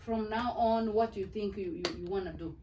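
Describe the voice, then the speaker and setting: A woman's voice: mid-range voice, normal speed, highs cut off. A middle-aged woman, a mother lecturing her children at a family meeting in a firm, earnest way. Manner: firm, earnest, repeats "do you hear me". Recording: distant mic with faint background noise.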